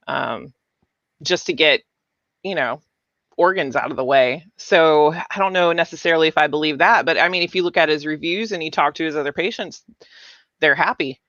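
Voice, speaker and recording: A man's voice: fairly high pitch, sharp tone, dry recording, dull audio. A man co-hosting a podcast, talking casually with frequent restarts. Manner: conversational, halting with restarts. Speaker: podcast co-host. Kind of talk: casual chat.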